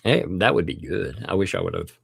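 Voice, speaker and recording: Deep gravelly man. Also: very animated, no room sound, clean studio sound. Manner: laughing often, drawn-out thank-yous. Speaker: livestream host. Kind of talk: casual livestream chat, thanking viewers.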